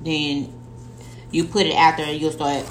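Laid-back female co-host, slightly low voice, faint background hum. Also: little pitch movement, measured pace, low-quality recording. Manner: rambling, laid-back, swears casually. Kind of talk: casual chat.

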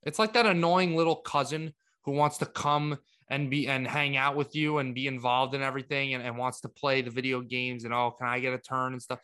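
Man, podcast co-host, casual sports chat, animated, restarts often. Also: mid-range voice, a little fast, hardly any pauses, clean tone. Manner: animated, exasperated rants with many restarts.

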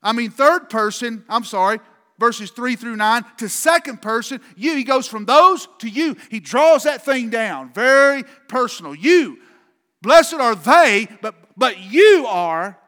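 High, bright-voiced man preaching. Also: expressive, a little slow, in a large hall. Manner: emphatic, repetitive preaching cadence. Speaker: pastor. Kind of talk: sermon.

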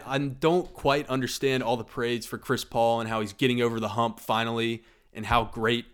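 A man in casual podcast commentary, talking sports with strong opinions. His voice sits at an ordinary middle pitch, and he gets riled up, stacking rhetorical questions as he argues. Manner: animated, argumentative, rhetorical questions. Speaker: podcast host.

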